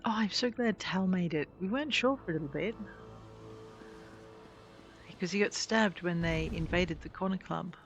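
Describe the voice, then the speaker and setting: A woman's voice: fairly low pitch, normal speed, long pauses, lo-fi sound, faint music behind. A woman giving casual, chatty commentary while playing a video game and talking to its characters. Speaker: gameplay streamer.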